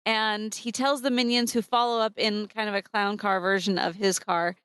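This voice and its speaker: A woman's voice: medium pitch, moderate pace, smooth, no room sound, studio quality. A woman co-hosting a podcast, chatting casually in an underground parking garage and animatedly retelling a film's plot. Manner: animated retelling, acts out characters' lines. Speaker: podcast co-host. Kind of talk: casual movie review chat.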